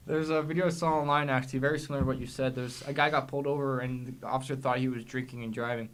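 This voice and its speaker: An easygoing male podcast co-host who chats loosely and agrees readily with his partner. He tells stories in a relaxed way, with a middle-pitched voice. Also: quick pace, clean tone. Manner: easygoing, agreeable, laughs often. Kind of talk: casual chat.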